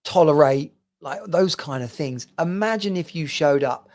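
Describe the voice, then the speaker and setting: A man's voice: a little high, normal speed, hardly any pauses, a little mellow. A man hosting a podcast, giving an earnest motivational monologue as a men's coach and speaking straight to the listener.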